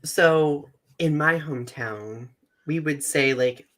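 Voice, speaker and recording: A man from central Michigan co-hosting a casual podcast, animated and full of "like". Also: on the high side, takes it slowly. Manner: animated, heavy use of "like". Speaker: podcast co-host. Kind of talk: casual chat.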